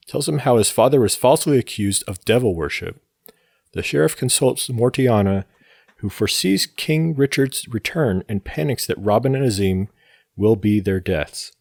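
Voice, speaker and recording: Low-voiced man reading a plot summary. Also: vocal fry, dry recording, studio quality. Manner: steady, measured plot narration. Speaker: podcast co-host. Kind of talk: reading a plot summary, then casual chat.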